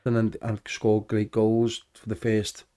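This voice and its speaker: A man, a former footballer, telling lively anecdotes in a casual podcast interview, acting out the dialogue. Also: lowish voice, measured pace, smooth. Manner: animated anecdotes with acted-out dialogue.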